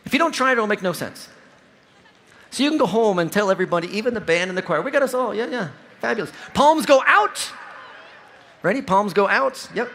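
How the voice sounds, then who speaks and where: This high-voiced, fast-talking man from Ohio, in his forties, is giving a motivational keynote speech on a large convention hall stage. He tells stories with lots of energy and speaks directly to the large audience.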